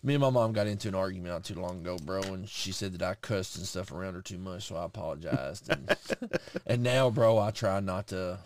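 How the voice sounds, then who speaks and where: A man co-hosting a podcast, telling stories in animated casual chat and saying "bro" a lot. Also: deep voice, fairly quick. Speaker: podcast co-host.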